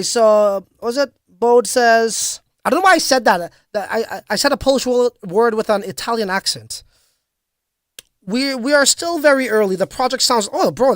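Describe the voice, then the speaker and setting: A man's voice: extremely high pitch, a bit bright, no room sound, studio quality. Casual, slangy crypto livestream guy. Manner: casual, slangy, hype-driven with frequent fillers. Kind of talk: casual livestream chat reading comments.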